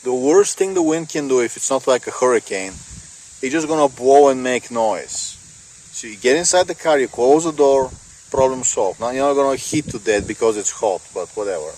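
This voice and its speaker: A man vlogs outdoors by a car in strong wind, which blows into the microphone. He rambles casually, swears often and is full of fillers like "like" and "bro." His voice is mid-range and a little mellow at a moderate pace, on a low-quality recording.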